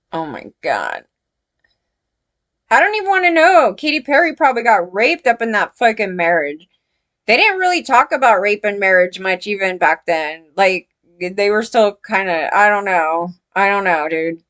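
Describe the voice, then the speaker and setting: A woman ranting in casual commentary, blunt and profane, rambling with lots of fillers, her pitch jumping when she gets outraged. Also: fairly bright tone.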